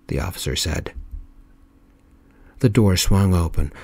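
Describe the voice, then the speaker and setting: A man telling a story in a calm, soft-spoken ASMR style. His voice is very deep and mellow. The recording is close and dry, with no room sound. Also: no room sound. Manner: calm, measured narration.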